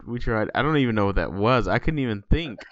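A man's voice: medium pitch, expressive, fast talker, no room sound, dull audio. A man co-hosting a podcast in casual chat, talking in a loose, joking, rambling way. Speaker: podcast co-host.

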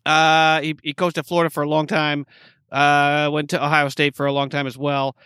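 A man's voice: fairly high pitch, little pitch movement, normal speed, bright, forceful tone, smooth, no room sound, clean studio sound. A man co-hosting a casual sports podcast, rambling with lots of fillers and restarts. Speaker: podcast co-host.

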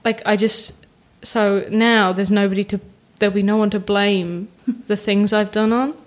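A young woman, a podcast guest chatting casually, self-mocking and animated, acting out what others say. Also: mid-range voice, normal speed. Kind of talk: casual chat.

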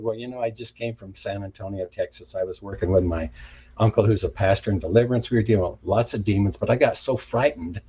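Husky low-voiced man telling a story. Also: lo-fi sound. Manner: animated retelling with acted-out quotes. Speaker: guest, deliverance minister. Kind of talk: storytelling interview.

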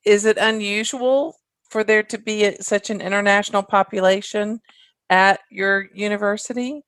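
A woman interviewing a guest, asking slow, encouraging questions. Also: medium pitch, steady tone, clear, resonant tone, no room sound. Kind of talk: interview conversation.

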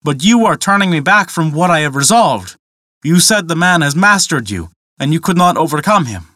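A man's voice: on the high side, big pitch swings, moderate pace, bright, forceful tone, dry recording, studio quality. A man voicing a bold, boastful young male lion cub in a read-aloud fable. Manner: proud, commanding storybook speech.

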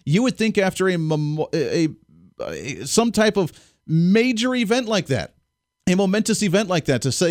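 A man hosting a political talk radio show, speaking in an emphatic, animated way that rises on key words. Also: high-pitched, a little fast, no echo, studio quality.

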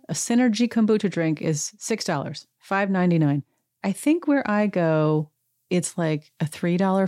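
Wry woman with a lowish voice. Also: mellow, dry recording, studio quality. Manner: chatty and wry. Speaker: podcast host. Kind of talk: casual TV recap monologue.

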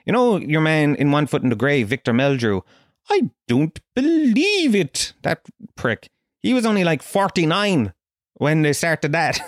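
A man's voice: on the high side, no room sound, studio quality. An Irish man in his forties with a Kerry accent, telling a profane, incredulous comic rant. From Ireland. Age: 40s. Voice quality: animated, incredulous, swearing freely.

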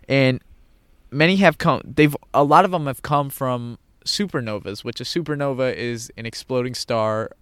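A man's voice: medium pitch, moderate pace, a bit bright, smooth, no echo, clean studio sound. A man telling a personal story in an earnest way, repeating phrases for emphasis. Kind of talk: personal monologue.

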